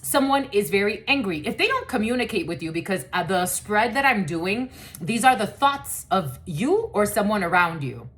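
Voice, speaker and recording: A woman's voice: medium pitch, a bit bright. A woman giving a casual, chatty collective tarot reading, cursing freely and using many fillers. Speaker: tarot reader.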